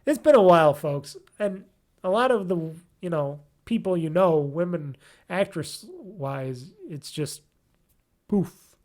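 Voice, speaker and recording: A man's voice: sits high, lively intonation, slow pace. A man hosting a gaming podcast alone, chatting casually and rambling with lots of ums and curse words as he searches for names. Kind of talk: casual solo podcast chat.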